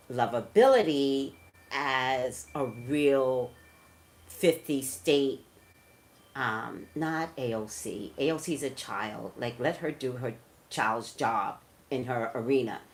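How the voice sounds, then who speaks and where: A woman, a psychic reader, talking emphatically straight to her viewers in casual live-stream commentary. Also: very deep voice.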